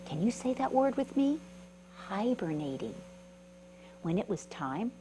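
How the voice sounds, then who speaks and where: Storytime reader: woman, very lively voice, keeps asking the kids questions, faint hum underneath. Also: medium pitch, a little slow, pauses often. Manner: animated, asks the listeners questions. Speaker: storyteller reading to children. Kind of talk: children's storytime read-aloud.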